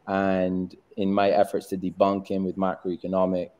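A middle-aged man with a Barbadian accent that leans toward a British-American mix, answering interview questions in a measured, reflective way. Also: sits low, completely flat delivery, darkish tone. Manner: measured and reflective, with frequent ums. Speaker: guest, tech entrepreneur. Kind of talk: interview conversation.

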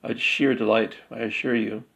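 A man voicing a bald, aristocratic wizard who makes persuasive, measured offers in a dark fantasy tale. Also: lowish voice, level tone, gravelly, rough recording. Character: aristocratic bald wizard, smooth-talking schemer.

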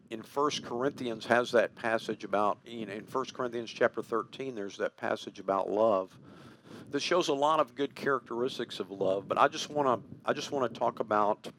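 A man preaching a morning sermon in a folksy, conversational way, slowing down to stress key words. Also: mid-range voice, fairly bright tone, slight background noise.

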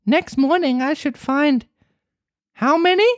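Woman doing a gullible puppet boy, high and excited, wide-eyed, dry close sound, storybook. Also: moderate pace, no room sound. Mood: wondering. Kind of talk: storybook read-aloud.

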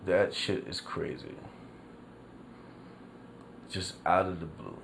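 A man's voice: low voice, slow, vocal fry, a little hiss or hum. A man hosting his own podcast, ranting in casual commentary, full of street slang, swearing and frequent laughter. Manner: animated, laughs often, swears freely; New York street slang. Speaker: podcast host.

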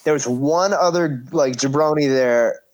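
A man's voice: a little high, a little slow. A man in his thirties casually telling a story about his wrestling career, acting out quoted voices and swearing freely.

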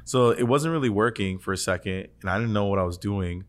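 Man, podcast co-host, lowish voice, earnest, rambling, casual chat. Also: fairly quick. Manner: earnest, rambling, heavy use of "like"; storytelling with restarts.

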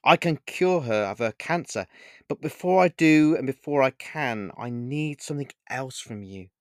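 A man reading a short story aloud, voicing a mysterious, sincere man in black who speaks in a calm, assured, gently insistent way. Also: mid-range voice, moderate pace, no room sound, clean studio sound, natural voice.

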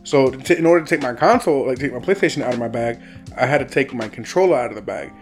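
A man's voice: mid-range voice, quick pace, faint music behind. A young man chatting casually, laid-back and slangy, laughing often as he tells stories. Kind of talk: casual chat.

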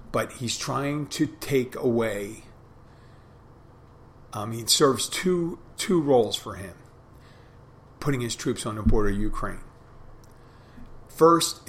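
A man's voice: medium pitch, a little hiss or hum. A man hosting a podcast, talking alone in a reflective, rambling way with frequent restarts. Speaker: podcast host. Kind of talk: casual monologue.

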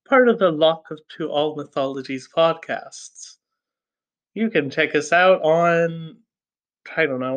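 A podcast host, a man, reads an old novel aloud at an unhurried pace, with a slightly higher, bright tone. He breaks off often for casual asides, fillers and self-corrections before returning to the text. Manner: hesitant, self-correcting, many fillers and laughs at own slips. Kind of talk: casual audiobook reading with chatty asides.

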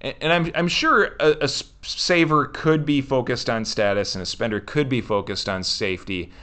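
A man's voice: medium pitch, moderate pace, fairly bright tone, clean tone. A man co-hosting a podcast in casual chat, earnest and giving advice to listeners. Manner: earnest, advising, cautious. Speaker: podcast co-host.

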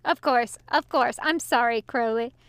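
A woman's voice: fairly high pitch, measured pace, fairly bright tone, smooth, no echo. A woman voicing a drunk, gleeful male angel who teases with cackling glee, in a fan fiction audiobook. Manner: laughing, gleeful teasing.

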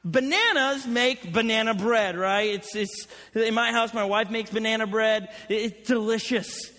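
A man with a very high, bright voice preaches a sermon, rambling through joking personal stories. His voice rings out in a large hall with a long reverb tail. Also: a little slow. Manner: chatty, joking storyteller. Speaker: pastor.

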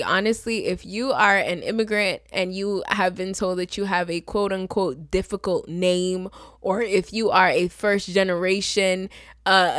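A woman's voice: medium pitch, no room sound, clean studio sound. Sassy, exasperated woman in her twenties. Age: 20s. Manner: sassy, exasperated, animated with mocking voices. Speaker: podcast host. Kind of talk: casual solo podcast rant.

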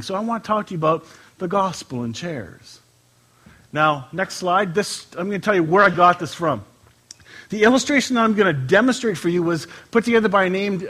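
A male pastor giving a conversational sermon to his congregation, joking in asides and slowing down to stress scripture. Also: sits high, a bit bright. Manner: conversational, emphatic, playful asides, drawn-out scripture reading. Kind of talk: informal sermon with scripture reading. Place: church sanctuary with a congregation.

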